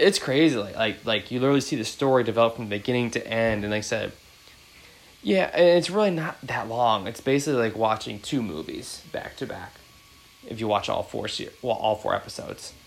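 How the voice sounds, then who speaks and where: A man's voice: medium pitch, poor audio. A man in his thirties hosting a podcast, chatting casually and rambling with many fillers. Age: 30s. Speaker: podcast host.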